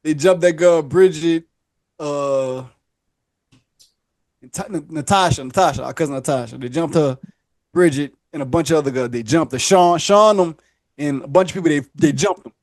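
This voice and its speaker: A man's voice: fairly high pitch, normal speed, no room sound. A man telling a long story casually on a podcast, acting out the voices and laughing often.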